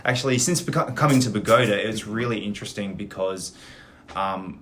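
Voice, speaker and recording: A man with an Australian accent who teaches English, hosting a casual panel chat, chatty and quick to laugh. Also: on the low side, a little hiss or hum. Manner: chatty, laughs often, animated when telling stories. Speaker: English instructor and host.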